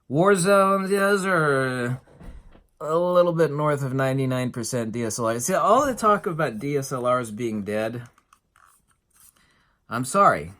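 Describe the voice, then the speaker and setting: A middle-aged man with a medium-pitched, slightly bright, expressive voice delivers an emphatic, sarcastic monologue at a moderate pace. He's a photography vlogger sharing opinions casually, often using fillers and restarting sentences.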